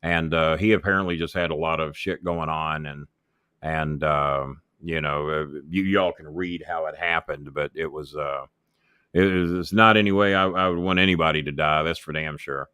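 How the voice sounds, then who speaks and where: A man's voice: rumbling low, steady tone, moderate pace, pushed and bright, clean tone, no room sound, studio quality. A middle-aged man, telling profane wrestling stories in an interview, acting out voices and laughing as he goes. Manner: swears freely, acts out others' voices, laughs mid-story. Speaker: wrestling manager and commentator guest.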